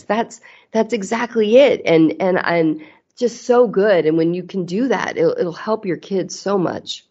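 Middle-aged woman guest, candid and earnest, mid-pitched, slightly dull recording. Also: unhurried, darkish tone. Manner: earnest, candid, frequent restarts. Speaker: podcast guest. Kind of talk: casual interview chat. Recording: slightly muffled audio.

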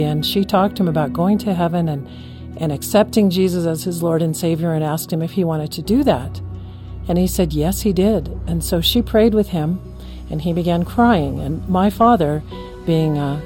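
A woman telling an earnest, gentle personal story of faith. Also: on the low side. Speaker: teacher. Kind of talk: personal testimony.

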